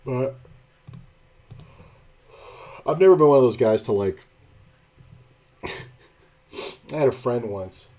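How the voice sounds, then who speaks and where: A man's voice: medium pitch, animated, slow, warm tone. A man streaming poker and telling a rambling, blunt, profane story in casual chat.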